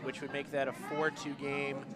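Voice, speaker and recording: A man's voice: mid-range voice, monotone, normal speed, a crowd in the background. A man commenting live on a curling match, chatty and explaining tactics. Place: curling rink with players calling out nearby.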